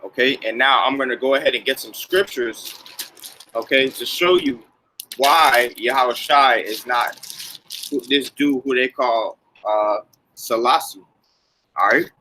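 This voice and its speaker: Brief: male commentator, casual preaching tone, bright forceful voice, loose filler-heavy delivery. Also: mid-range voice, a little slow, slight background noise, low-quality recording. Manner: casual, repeats "man" and "okay". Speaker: religious commentator.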